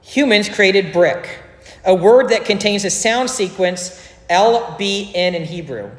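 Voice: mid-range voice, animated, slow pace. A pastor delivering a sermon, explaining scripture in a conversational way with joking asides. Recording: echoey hall with long reverb.

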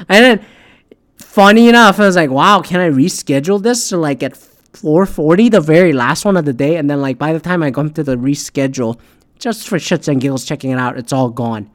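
A man hosting a podcast, rambling in a casual monologue and swearing a lot, jumping between loud outbursts and mumbled asides. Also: a little high. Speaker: podcast host.

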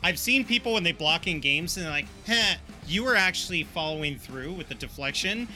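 A bright-voiced man hosting a podcast with an upbeat, chatty delivery. His pitch sits a little above average, and faint music plays under him. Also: expressive, a little fast. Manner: upbeat, runs through the schedule. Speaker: podcast host. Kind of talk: casual podcast chat and announcements.

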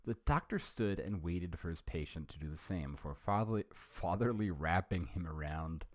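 A man's voice: deep voice, normal speed, no room sound, studio quality. A man hosting a podcast, reading fan fiction aloud and chatting hesitantly, with many ums and self-corrections. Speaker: podcast host.

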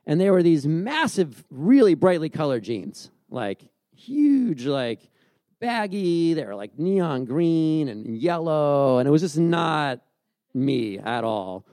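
High-voiced man preaching conversationally. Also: mellow, no room sound, clean studio sound. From grew up by the beach. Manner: conversational, storytelling with many restarts. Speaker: pastor. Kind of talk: sermon.

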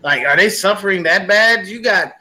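A man with a high, bright, ringing voice riffs through a loose sports podcast. He tells stories with big energy and swears constantly. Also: normal speed. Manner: animated storytelling with heavy cursing. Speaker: podcast co-host. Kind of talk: casual profane sports chat.

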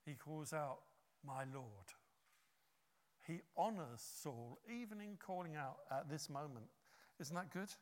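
A man preaching a sermon, telling a story with lively acted-out quotes. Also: fairly high pitch, normal speed, long reverb tail. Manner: animated storytelling, acts out quotes.

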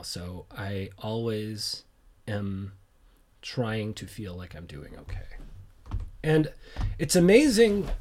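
A man's voice: fairly low pitch, a little mellow. Man rambling through a joking podcast monologue. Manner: rambling, joking, self-deprecating; frequent fillers and trailing asides. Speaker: podcast host. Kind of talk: casual solo podcast monologue.

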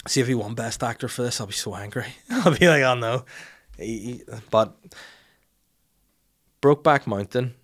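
A man's voice: medium pitch, animated, moderate pace, pauses often. Sweary man ranting in comic monologue. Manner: irreverent, sweary, laughs at his own jokes. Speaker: host.

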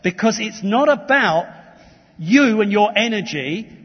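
A man's voice: high voice, expressive, unhurried, slightly rough, long reverb tail, dull audio. A man from England preaching a sermon, earnest and emphatic, with restarts and asides. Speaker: pastor. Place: church hall.

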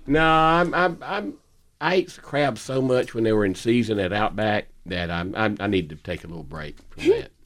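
A man's voice: on the low side, moderate pace, a bit bright. A middle-aged man, chatting casually on a podcast, repeating himself and laughing as he tells stories. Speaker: podcast host. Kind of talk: casual chat.

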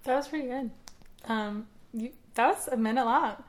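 Young woman, bright-ish higher voice, teasing, casual banter. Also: normal speed. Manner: playful teasing, hesitant fillers. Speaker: comedy vlog co-host. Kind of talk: casual comic chat.

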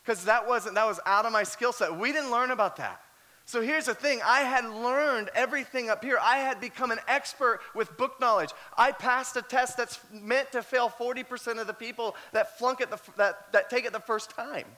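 A man delivering a sermon in a high, bright and forceful voice. He tells personal stories with animated energy and often repeats words as he pushes forward. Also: moderate pace. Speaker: pastor.

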